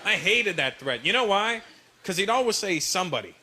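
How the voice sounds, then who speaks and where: High-voiced man doing animated stand-up. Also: normal speed. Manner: animated storytelling, jumping into voices. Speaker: stand-up comedian. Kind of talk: stand-up comedy routine. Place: stage in front of a live audience. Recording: loud background noise.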